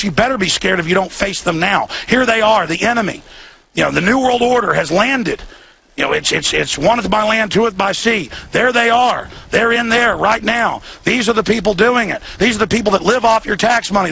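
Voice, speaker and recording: A radio talk show host giving fiery, repetitive live commentary outdoors near a hotel. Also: male voice, high voice, gravelly, bright, forceful tone, a little hiss or hum. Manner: fiery, repetitive, ranting delivery.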